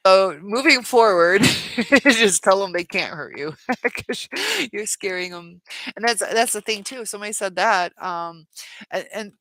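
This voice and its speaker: A woman's voice: medium pitch, takes it slowly, long pauses, fairly bright tone, no echo. A woman hosting a live chat Q&A, reading viewer comments aloud and answering them in a chatty way with many fillers. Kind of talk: casual live-stream chat.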